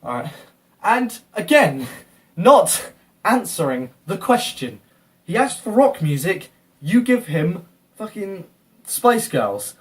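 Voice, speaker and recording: A man's voice: high-pitched, sing-song, takes it slowly, long pauses, recorded from a distance. A man ranting through a reaction commentary, exasperated, swearing and repeatedly calling someone an idiot. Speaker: video reactor.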